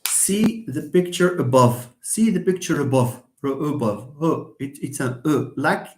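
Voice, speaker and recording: A man's voice: on the high side, animated, a little slow, a little mellow, echoey room, slight background noise. A middle-aged man with a Moroccan accent teaching English pronunciation in a live online lesson, often repeating words and sounding them out for students.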